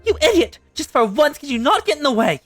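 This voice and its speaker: Woman doing a blustering old nobleman, scolding, sharp rises in pitch. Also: big pitch swings, brisk, no room sound, soft background music. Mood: exasperated. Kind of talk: reading game dialogue aloud on stream.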